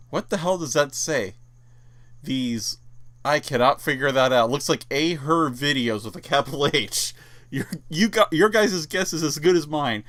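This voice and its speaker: A man's voice: medium pitch, animated, normal speed, fairly bright tone, no echo. A man giving sarcastic, incredulous commentary while reading a document aloud for his online audience. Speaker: YouTuber.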